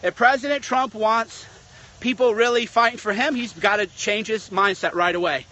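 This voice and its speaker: A man's voice: very high-pitched, a little fast, bright, forceful tone. A man delivering a blunt, sarcastic political rant as a commentator. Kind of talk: ranting monologue.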